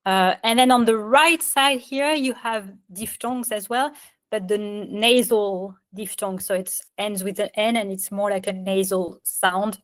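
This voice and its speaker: A woman's voice: mid-range voice, fairly even intonation, unhurried, no room sound. Chatty woman teaching pronunciation. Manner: chatty, filler-heavy, laughs at French spelling. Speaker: French instructor. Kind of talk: casual online lesson.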